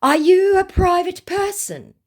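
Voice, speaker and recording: A woman's voice: extremely high pitch, steady tone, a little slow, pitched above the performer's own voice. A woman with an Australian accent voicing a smug, self-righteous male scammer who speaks in broken English. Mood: pleading.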